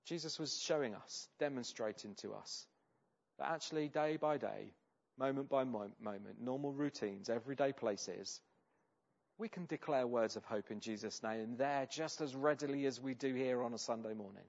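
A man preaching a sermon in a conversational way, often pausing with ums and restarting his sentences. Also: mid-range voice, creaky, muffled recording. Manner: conversational, with many hesitations and restarts.

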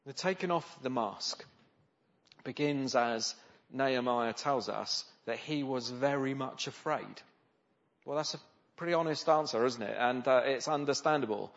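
A man's voice: mid-range voice, a little slow. A man preaching a sermon in a conversational way, often asking the listeners rhetorical questions. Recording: slightly dull, lo-fi sound.

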